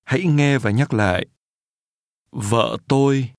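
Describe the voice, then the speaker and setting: Male native-speaker model, mid-pitched, careful crisp diction, dry studio sound. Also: unhurried, dry recording. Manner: careful, clear enunciation. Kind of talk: modelling phrases for repetition.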